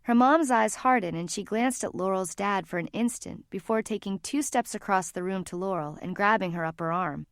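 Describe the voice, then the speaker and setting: A woman narrating an audiobook in calm, even storytelling. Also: mid-range voice, normal speed, few pauses, dry recording, clean studio sound. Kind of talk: scripted narration.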